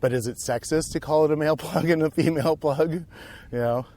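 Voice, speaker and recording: A man's voice: on the high side, fairly quick, darkish tone. A man co-hosting a podcast, rambling and musing aloud in casual chat while hiking outdoors on a trail. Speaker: podcast co-host.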